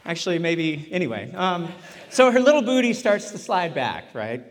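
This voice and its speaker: A man's voice: fairly high pitch, sing-song, moderate pace. A man in his thirties telling a funny, self-deprecating story during a sermon, often chuckling. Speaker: chaplain preaching at a church retreat. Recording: echoey hall sound.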